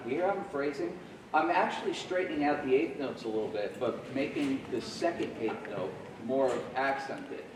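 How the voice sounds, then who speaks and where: With a mid-range voice at a moderate pace, a man in his forties leads band rehearsal as a visiting jazz clinician, friendly toward the middle schoolers and scatting rhythms to demonstrate. Background noise is present, and the mic sits far off in an echoing space.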